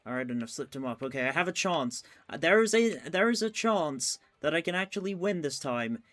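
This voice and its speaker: A man's voice: a little high, lively intonation, a little fast, a bit bright. A man talking through his race live, chatting with a friend and laughing often. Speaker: streamer playing the game. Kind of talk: live gameplay commentary.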